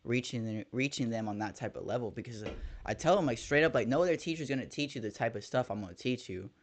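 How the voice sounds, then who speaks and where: A young first-grade teacher tells an animated story in casual podcast chat, dropping slang like "dog." His mid-range voice moves fast, with a little hiss or hum in the background.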